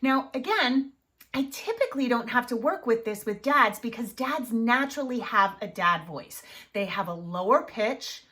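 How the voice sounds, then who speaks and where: Animated woman giving parenting advice. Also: fairly high pitch, normal speed. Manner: emphatic, animated, often tags points with "right?". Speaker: parenting coach. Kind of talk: advice talk to camera.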